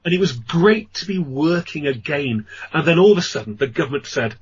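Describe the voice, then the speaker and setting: A man's voice: a little high, animated, fairly quick, slightly rough. A man with an English accent, a ghost tour guide, telling long rambling stories as a radio guest, with many fillers. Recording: dull lo-fi radio audio.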